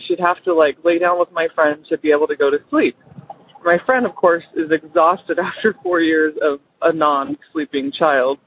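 A woman's voice: lowish voice, breathy edge. A woman caller chattily telling a friend's ghost story over the phone, rambling with fillers and quoting the people in it. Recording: phone line.

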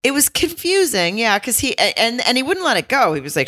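A woman's voice: very animated, brisk, few pauses, pushed and bright, no room sound, studio quality. A woman co-hosting a podcast in casual chat, talking with fillers and now and then mimicking other people. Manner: chatty, hesitant with fillers, mimics others in high squeaks. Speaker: podcast co-host.

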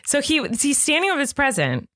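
Woman co-host, casual chatty banter, voice sits a bit high, dry recording. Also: wildly swooping pitch, fairly quick, a bit bright, no room sound. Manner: chatty, laughing, storytelling. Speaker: podcast co-host. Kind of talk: casual chat with ad read.

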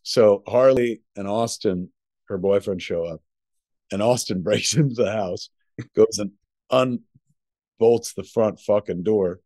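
A man's voice: on the low side, a little slow, warm tone, no echo, clean studio sound. A middle-aged man co-hosting a podcast from home, telling a long, rambling story packed with profanity. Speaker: podcast co-host. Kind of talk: casual chat.

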